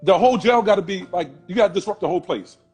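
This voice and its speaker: A man interviewing his guest, asking quick, probing questions and reacting often. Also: sits high, lively intonation, darkish tone, husky, faint music behind.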